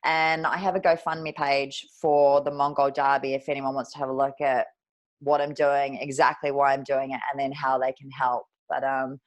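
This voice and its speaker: Low-voiced woman telling her story. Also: little pitch movement, moderate pace. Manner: frank, emotional, drops the odd swear. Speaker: guest, personal trainer. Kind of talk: candid personal storytelling.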